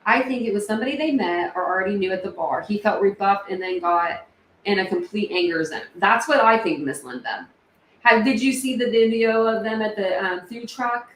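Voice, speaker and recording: A woman hosts a casual livestream, answering viewers in a chatty, feeling way full of fillers. Her voice rings in a roomy, echoey space with a faint hum of background noise. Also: mid-range voice. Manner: chatty, emotional, many fillers. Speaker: livestream host. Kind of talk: casual livestream chat reading comments.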